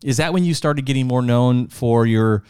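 A man's voice: mid-range voice, moderate pace, darkish tone, clear, resonant tone, no echo, clean studio sound. A man hosting an interview, listening attentively and asking follow-up questions. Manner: attentive, frequent short agreements. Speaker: interview host. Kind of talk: podcast interview.

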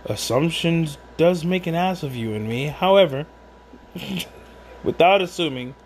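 A man talking at home in a meandering, musing way, doubling back on his words and drifting into asides. His voice sits a touch higher than most men's, with a faint hiss underneath. He drinks as he talks. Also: lively intonation, unhurried. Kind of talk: rambling casual monologue.

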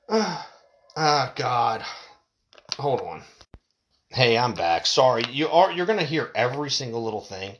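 A man's voice: mid-range voice, big pitch swings, slow, long pauses, a bit bright, slight background noise. A middle-aged man ranting heatedly and profanely into a desk mic at home. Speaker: podcaster. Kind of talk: ranting monologue. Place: home room, window open.

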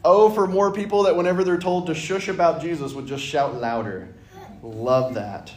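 A man's voice: fairly high pitch, moderate pace, a little mellow. A man teaching a casual Bible study, enthusiastic and chatty, often acting out scripture lines. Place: church meeting room. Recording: roomy room sound.

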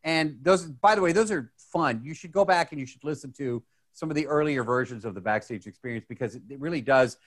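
A man co-hosts a casual podcast, his voice at a middle pitch. He rambles and restarts often. His excitement runs through the chat. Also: a little fast. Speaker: podcast co-host.

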